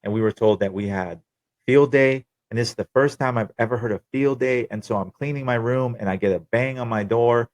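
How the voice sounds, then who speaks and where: A man's voice: medium pitch, fairly quick, a little mellow, dry recording. A young man telling his own story on a podcast, candid, profane and wry. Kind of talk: casual personal storytelling.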